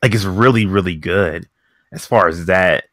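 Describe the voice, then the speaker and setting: A man co-hosting a podcast, rambling excitedly about a movie and saying "like" constantly. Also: sits low, normal speed, dry recording, studio quality. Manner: rambling, heavy use of "like", excited. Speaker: podcast co-host. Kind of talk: casual chat.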